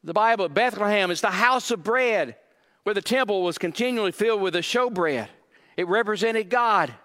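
Male pastor, high-pitched, casual preaching style, reverberant sanctuary sound. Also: lively intonation, normal speed, sharp tone. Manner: conversational preaching with repeated emphatic phrases. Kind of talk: sermon.

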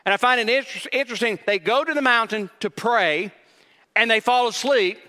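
A male pastor preaches emphatically, repeating key lines and asking rhetorical questions. His voice sits high and bright. It is caught with the long reverb of a large church hall. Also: brisk. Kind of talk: sermon.

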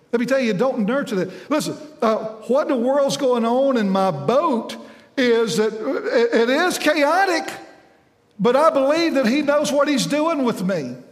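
A preacher with a drawl and a strikingly high voice delivers a folksy sermon. He asks his listeners questions and stumbles over repeated words as he goes. His voice rings through a large hall with a long, echoing reverb.

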